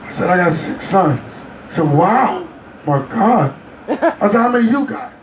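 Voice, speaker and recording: A man's voice: high-pitched, very animated, unhurried, crowd noise. A middle-aged man being interviewed, telling stories with animation and acting out other people's voices. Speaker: interview guest. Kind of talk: animated storytelling. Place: on a cruise ship. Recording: echoey room, mic at a distance.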